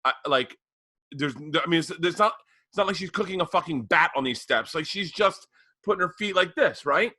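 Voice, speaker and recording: Bright-voiced man telling profane stories. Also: a little high, animated, normal speed, no echo. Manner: storytelling, profane, emphatic. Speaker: podcast co-host. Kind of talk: casual podcast chat.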